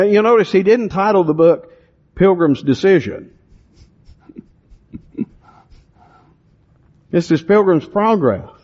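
A man preaches from the pulpit, his voice sitting a little high for a man. He reads verses slowly, leaning hard on single words, then drops into plain, direct talk with his listeners. The recording is dull and lo-fi. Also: darkish tone. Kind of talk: expository sermon.

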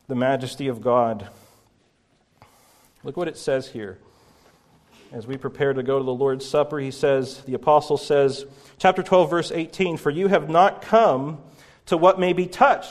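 A man preaching a sermon from the pulpit, swinging between quiet reflection and forceful, impassioned declarations. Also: mid-range voice. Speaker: pastor. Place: church sanctuary, from the pulpit.

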